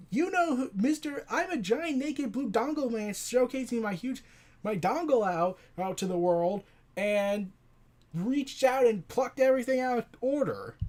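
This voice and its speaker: Animated, rambling comic reviewer. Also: mid-range voice. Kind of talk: casual comic recap. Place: home recording setup.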